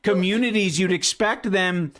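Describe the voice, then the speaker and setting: A man's voice: high-pitched, normal speed, a bit bright. A man chatting casually on a stream, swearing in a laid-back way. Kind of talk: casual chat on a stream clip.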